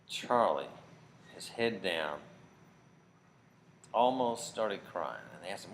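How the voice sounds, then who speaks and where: A man telling a story to children at camp, dramatic and expressive, getting loud for big moments. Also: sits low, slow pace, long pauses. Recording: faint background noise.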